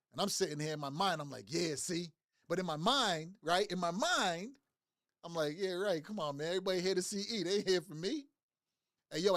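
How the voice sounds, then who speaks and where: A man's voice: sits high, a bit bright, dry recording, studio quality. A man telling a motivational story in loose slangy talk, often repeating his words as he goes. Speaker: motivational speaker.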